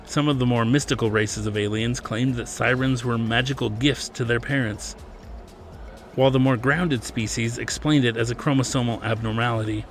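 A man, the author, narrating his science fiction novel as a scripted reading in a steady storytelling manner. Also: medium pitch, moderate pace, soft background music. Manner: steady storytelling, plays character lines lightly.

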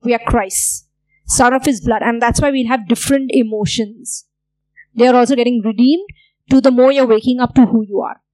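A woman's voice: fairly high pitch, fairly even intonation, normal speed, darkish tone, dry recording, low-quality recording. A woman pastor preaching a sermon, earnest and repeating key phrases for emphasis.

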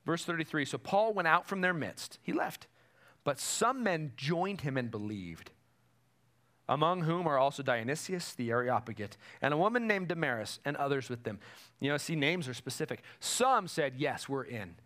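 A man's voice: on the high side, expressive, moderate pace, pushed and bright. A male pastor preaching a sermon with emphatic, repetitive phrasing.

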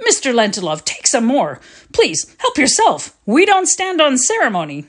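A woman's voice: high-pitched, huge pitch swings, moderate pace, pitched above the performer's own voice, full character voice. A woman voicing a cordial, fussy middle-aged father with a pleasant sing-song voice in a readers' theatre story reading. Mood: pleasant, musing. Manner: warm, fussing hospitable welcome.

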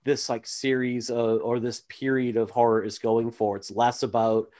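A man's voice: medium pitch, level tone, moderate pace, mellow. A man hosting a podcast, chatting casually with many fillers and asides. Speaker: podcast host. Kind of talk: casual chat.

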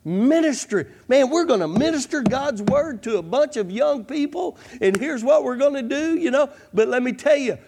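Fervent pastor, high voice. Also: male voice, animated, normal speed, vocal fry, few pauses, background noise. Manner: fervent, repeats "come on" and "I'm telling you". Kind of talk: sermon.

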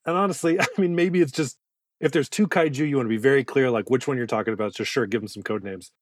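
A man's voice: medium pitch, fast talker, no room sound. Male co-host: loose, swearing banter about films, medium voice, dry close mic. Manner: joking, rambling, swears freely. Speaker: podcast co-host. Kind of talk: casual movie-review chat.

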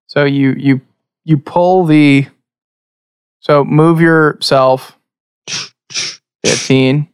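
A man's voice: fairly high pitch, steady tone, extremely slow, long pauses, smooth, dry recording. Guy game-mastering a tabletop game, casual rambling narration, dry close mic. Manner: loose, chatty narration with frequent restarts.

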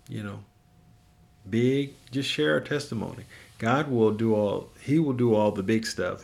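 Gravelly low-voiced man giving a Bible sermon. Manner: earnest, encouraging, with frequent ums and restarts. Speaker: pastor.

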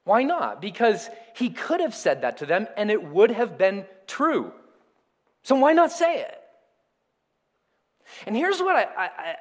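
A man preaching a sermon to his congregation, animated, calling on them to repeat words with him. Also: high-pitched. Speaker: pastor. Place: church sanctuary. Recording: reverberant hall.

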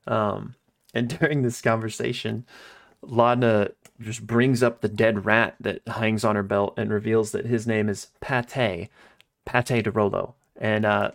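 Low gravelly man recapping casually. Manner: loose storytelling, many ums and quoted lines. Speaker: podcast co-host recapping an episode.

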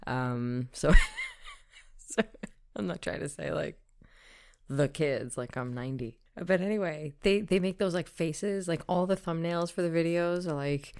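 A woman's voice: deep voice, unhurried, darkish tone, clear, resonant tone. A woman co-hosting a podcast in casual chat, rambling and laughing often, with plenty of "like"s. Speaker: podcast co-host.

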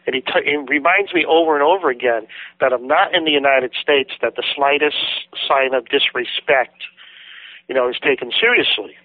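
A man with a mid-range voice speaks at a moderate pace over a tinny, dry phone line. He's a guest author in an interview, spinning a long story with lively energy and acting out what the people in it said.

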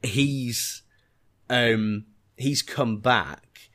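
An English-accented man co-hosts a podcast, casually reviewing a TV episode with enthusiasm and reflection while often groping for words. His mid-range voice is fairly bright and extremely slow.

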